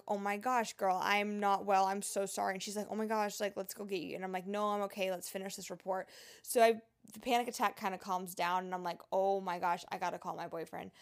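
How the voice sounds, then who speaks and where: A young woman tells a personal story in a casual vlog, chatty and loose, filling her talk with "like" and acted-out quotes. Her voice sits at a middling pitch with a noticeable gravelly fry. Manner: chatty, lots of fillers, retells in quoted dialogue. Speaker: travel nurse vlogger.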